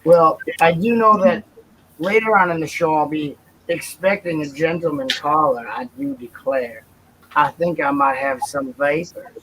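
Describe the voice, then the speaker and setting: A man voicing a genteel Southern belle lady with a put-on Southern US drawl, theatrical and breathy. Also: a little high, animated, a little slow, background noise. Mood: coy.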